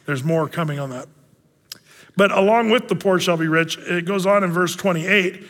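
Casting: joking male pastor, fairly high voice, loose and chatty, live church hall reverb. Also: moderate pace, pushed and bright. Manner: chatty, joking, many fillers and restarts. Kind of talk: casual verse-by-verse sermon. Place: church sanctuary.

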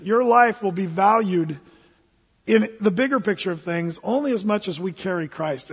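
Male pastor preaching, high voice, husky, earnest, folksy, echoey hall. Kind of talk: sermon. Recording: dull, echoey church hall recording.

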